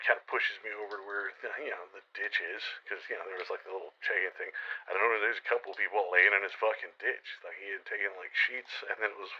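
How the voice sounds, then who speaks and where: A low-pitched man in his forties with a husky, raspy edge spins a rambling first-person survival tale. His tone is tense and cutting, and it is laced with profanity and gallows humor. The recording sounds dull and lo-fi. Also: pushed and bright. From New Mexico, USA. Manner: rambling, profane, sardonic, with laughing asides. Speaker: storyteller. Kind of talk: improvised first-person post-apocalyptic story.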